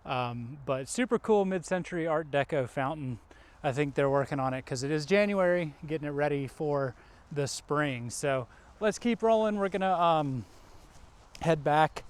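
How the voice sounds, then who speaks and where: A man's voice: a little high, animated, moderate pace, clear, resonant tone. A man from around Rock Hill, South Carolina, hosting a casual walking tour vlog outdoors, chatting easily with lots of fillers. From Rock Hill area, South Carolina. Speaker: vlog host, local realtor-style guide. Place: outdoors in a park and shopping plaza.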